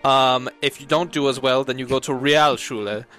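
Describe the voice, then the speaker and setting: Man of middle pitch, hesitant co-host. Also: steady tone, normal speed, a bit bright, soft background music. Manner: hesitant, with many uhs while explaining. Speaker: podcast co-host. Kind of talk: casual chat.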